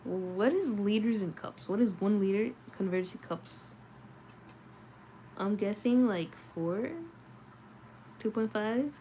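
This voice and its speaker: A sleepy woman reads a novel out loud late at night, speaking slowly with frequent pauses in a dark, medium-pitched voice. The low-quality recording carries slight background noise, and she chats casually and answers comments between passages.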